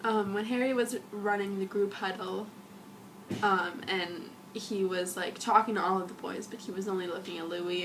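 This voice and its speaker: A woman's voice: mid-range voice, noisy background. Giggly young woman gushing, slightly sick. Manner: gushing, giggly, rambling with many likes. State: sick, husky. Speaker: vlogger. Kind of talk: casual fan review.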